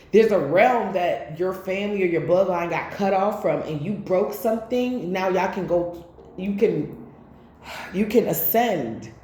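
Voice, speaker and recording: Female tarot reader, casual and preachy, mellow tone, roomy echo. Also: mid-range voice. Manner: rambling, animated, preachy asides. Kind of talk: casual spiritual tarot reading.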